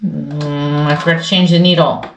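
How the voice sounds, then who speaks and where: A woman's voice: low-pitched, fairly even intonation, normal speed. A woman hosting a casual sew-along, chatting and thinking aloud as she works at her sewing machine. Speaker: sewing channel host. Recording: roomy echo, faint noise.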